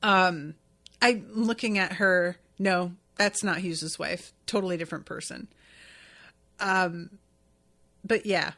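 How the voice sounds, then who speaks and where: A woman hosting a podcast, casually recapping an anime episode in a chatty, animated way, often acting out what characters say. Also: fairly low pitch, unhurried. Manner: chatty, animated retelling with quoted voices. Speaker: podcast host.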